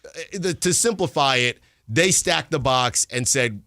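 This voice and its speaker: Chatty bright-voiced radio host man. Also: unhurried, dry recording, studio quality. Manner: chatty, animated, jumps pitch when excited. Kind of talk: casual sports talk.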